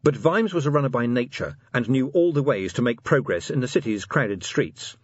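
A man's voice: medium pitch, expressive, normal speed, breathy edge, no echo, dull audio. A man narrating an audiobook expressively, giving each character a voice.

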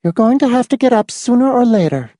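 A man voicing a prim, cold, matter-of-fact spinster woman in an audiobook, brisk and calmly bossy. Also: very high-pitched, dry recording, studio quality, pitched above the performer's own voice. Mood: coolly brisk. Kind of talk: audiobook character voice.

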